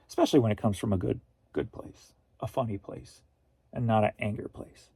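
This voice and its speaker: A man's voice: medium pitch, very animated, normal speed, vocal fry, long pauses, mellow, breathy edge, no room sound. A middle-aged man from Missouri hosting a casual livestream, rambling easily and reading viewer comments aloud. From Missouri, USA. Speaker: host.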